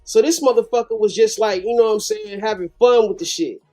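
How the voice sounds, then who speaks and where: A man's voice: sits high, expressive, a little fast, darkish tone, faint music behind. A man hosting a live reaction show, commenting animatedly with heavy slang and profanity. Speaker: host.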